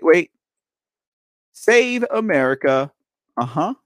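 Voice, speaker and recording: A man's voice: high voice, a bit bright, dry recording, clean studio sound. A man in his forties hosting a live political commentary show, talking off the cuff in a sarcastic way, firing rhetorical questions with laughing asides. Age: 40s.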